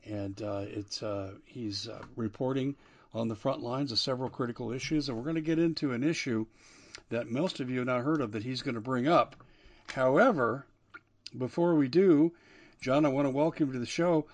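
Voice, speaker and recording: A talk radio host, medium-pitched and speaking at a moderate pace, gives a forceful monologue. Indignation drives his voice up and down as he goes.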